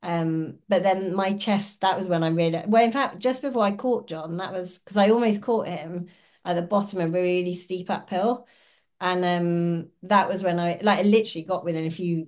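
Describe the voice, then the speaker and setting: Appearing as a guest on a casual podcast interview, a woman who is an ultrarunner and oncologist tells stories chattily, acting out the lines she quotes and laughing along. Her voice is fairly low with a darkish tone.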